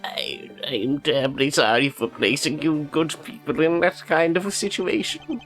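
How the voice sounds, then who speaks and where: A man's voice: a little high, moderate pace, a bit bright, faint music behind. A young man voicing a frail, apologetic elderly male ambassador as he reads game dialogue aloud. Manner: quavering, strained old-man voice.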